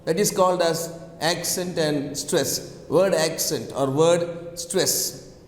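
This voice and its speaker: A male teacher with a high voice lectures slowly and deliberately, going over each point again and tagging it with "right?" His voice rings in an echoey room with a long reverb tail. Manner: repeats key phrases, checks with "right?". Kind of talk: classroom lecture.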